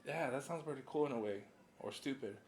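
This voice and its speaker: A man's voice: medium pitch, fairly quick. A man hosting a casual interview, joking loosely, swearing and dropping in Spanish words. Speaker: podcast host.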